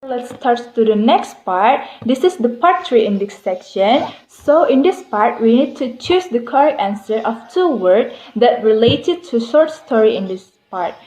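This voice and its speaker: A woman's voice: fairly high pitch, expressive, unhurried, few pauses, warm tone. A woman student presenting a listening exercise, speaking in a plain, instructive way with some slips. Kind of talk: classroom presentation. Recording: echoey room.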